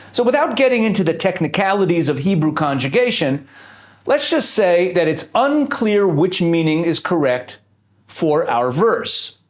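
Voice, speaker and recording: Lively male Bible teacher. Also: a little high. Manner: explains step by step, asks rhetorical questions. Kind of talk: scripture teaching.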